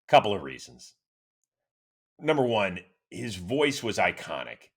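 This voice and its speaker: A middle-aged man from Cleveland hosting a solo sports show, answering listener questions in an animated, chatty storytelling way. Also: unhurried, breathy edge. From Cleveland, Ohio, USA. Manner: animated, chatty storyteller with lively swings in pitch. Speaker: host.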